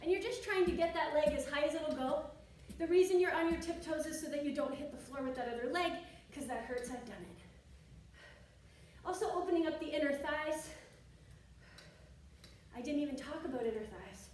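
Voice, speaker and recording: A woman instructor talks through stretches as she moves, chatty and encouraging with little asides, a bit out of breath. Her voice sits high. She is heard from a distance in a roomy, echoey space with faint hiss behind. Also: normal speed, long pauses, a little mellow. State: slightly out of breath. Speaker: yoga and fitness instructor. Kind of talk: instructional demonstration while exercising.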